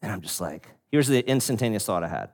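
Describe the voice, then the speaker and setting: Male pastor, sermon, animated storyteller, swooping intonation, long hall echo. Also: on the low side, quick pace. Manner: animated storyteller, laughing, frequent restarts.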